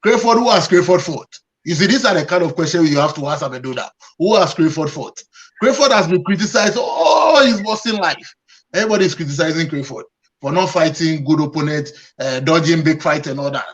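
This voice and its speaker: A man's voice: a little high, lively intonation, a little fast, a bit bright. A man arguing his points on a panel, emphatic and repetitive. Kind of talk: opinionated panel discussion. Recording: dull lo-fi sound.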